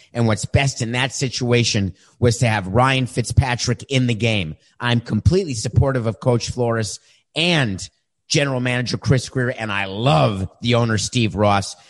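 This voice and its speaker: A man's voice: mid-range voice, lightly acted. A man voicing a meek young male quarterback who recites a stiff, rehearsed statement. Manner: stiff, overly eager, rehearsed.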